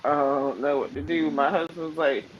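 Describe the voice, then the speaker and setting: A woman's voice: low voice, normal speed, dull audio, a little hiss or hum. A young woman in casual chat on a video call live stream, telling a story and acting out the voices of the people in it. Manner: animated storyteller who acts out quoted voices.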